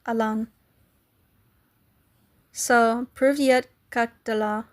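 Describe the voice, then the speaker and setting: A woman's voice: on the high side, steady tone, measured pace, long pauses. A woman live streaming, chatting casually with viewers and playfully trying to pronounce foreign greetings.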